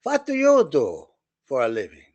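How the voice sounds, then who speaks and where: A man's voice: a little high, huge pitch swings, normal speed, darkish tone, no echo, highs cut off. A man voicing a pompous, condescending German ship captain with a German accent. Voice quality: pompous, probing.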